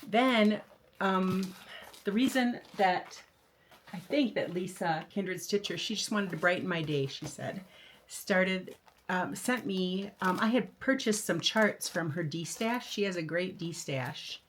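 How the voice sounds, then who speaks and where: An older flosstube host chats casually about her new patterns, eager and enthusiastic, stumbling into frequent fillers and restarts. She talks slowly in a lowish voice, with slight background noise behind her.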